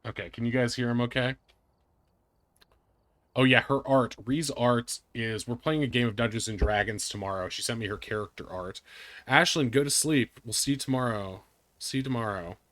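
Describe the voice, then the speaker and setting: A man's voice: medium pitch, moderate pace, fairly bright tone, no echo. A man hosting a live game stream, chatting and joking with friends and viewers. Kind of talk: casual live-stream chat.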